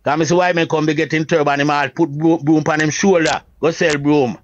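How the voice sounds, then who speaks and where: A Jamaican man with a high voice gives a forceful, preacherly account. His speech sounds dry and close, with no room echo. The recording is somewhat dull and muffled. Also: steady tone, fairly quick. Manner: emphatic, preacherly, often asks "you see what I say?". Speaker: Rastafari priest, guest. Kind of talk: religious reasoning, casual talk.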